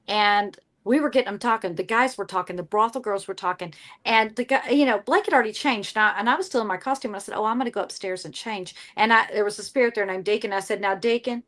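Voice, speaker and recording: Lively high-pitched Southern woman. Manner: animated, loud storyteller, playful put-on voices. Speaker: podcast guest, paranormal investigator. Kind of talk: casual chat.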